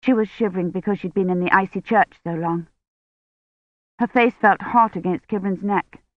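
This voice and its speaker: A woman narrating a novel in a calm, measured reading voice. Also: medium pitch, dry recording. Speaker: audiobook narrator. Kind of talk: scripted narration. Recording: dry, tinny phone-like sound.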